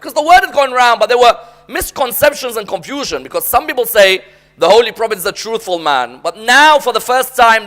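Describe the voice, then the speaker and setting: A man's voice: very high-pitched, big pitch swings, fairly quick, a bit bright. A man preaching a sermon as a dramatic story, often prompting the audience to respond.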